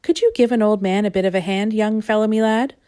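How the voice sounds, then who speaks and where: A woman's voice: medium pitch, fairly even intonation, quick pace, warm tone, clear, resonant tone, natural voice. A woman voicing a folksy old man asking for a hand with his wood. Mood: pleading. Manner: friendly, folksy pleading.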